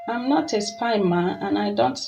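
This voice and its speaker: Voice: medium pitch, normal speed, creaky, over music, voice pushed up, close to an everyday voice. A storyteller voicing a humble young princess in disguise, speaking in a shaky, deferential, pleading way.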